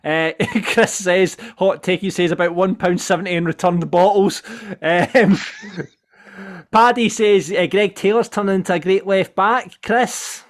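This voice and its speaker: A man's voice: high-pitched, unhurried. A man hosting a casual football podcast, reading out listener comments and putting questions to the panel. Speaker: podcast host.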